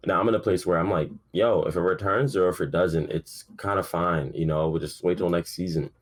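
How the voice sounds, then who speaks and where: A young man with a low-pitched, steady, brisk voice runs a solo sports podcast. He's sleepy and yawning, yet he rambles on with plenty of profanity and filler words in a relaxed, offhand way.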